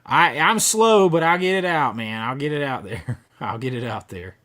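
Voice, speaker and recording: A man's voice: medium pitch, sing-song, normal speed, fairly bright tone. A man hosting a casual horror movie livestream, chatting with viewers and rambling with fillers and restarts. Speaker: livestream host. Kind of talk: casual live chat reading viewer comments.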